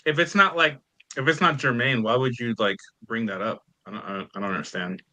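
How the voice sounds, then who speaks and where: A man's voice: medium pitch, brisk, pushed and bright. A man on a reaction panel speaking casually and hesitantly, filling his speech with "like.". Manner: hesitant, lots of "like".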